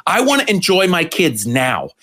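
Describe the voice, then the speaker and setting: A man hosting a podcast, chatting casually in an excitable, profane way. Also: on the high side, moderate pace. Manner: excitable, profane, laughs often. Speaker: podcast host.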